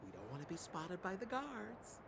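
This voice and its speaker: An actor playing a sly, talkative male smuggler guide in a game cutscene, with smooth salesman patter. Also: sits high, wildly swooping pitch, moderate pace, background noise, heavily acted.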